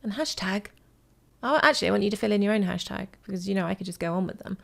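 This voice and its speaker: A woman's voice: medium pitch, quick pace, gravelly. A woman vocal coach talking casually to her viewers about a song, chatty and rambling, with lots of fillers and affectionate asides. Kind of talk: casual reaction vlog.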